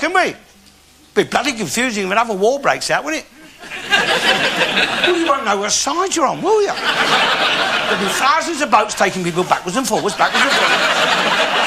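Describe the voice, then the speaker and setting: An older actor with a Cockney accent playing a bigoted, boastful old working-class Londoner, swearing and bragging in a live comic monologue. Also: male voice, extremely high pitch. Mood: ranting. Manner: ranting, swearing, crude bragging. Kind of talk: stand-up monologue in character. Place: TV studio before live audience. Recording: loud noisy live recording with clicks.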